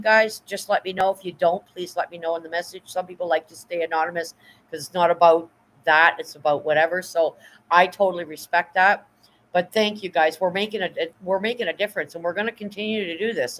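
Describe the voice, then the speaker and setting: A woman's voice: fairly low pitch, rough recording. Chatty woman livestreaming from home. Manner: chatty and emotional, thanking viewers, near tears. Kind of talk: casual live stream chat. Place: at home, by her pantry.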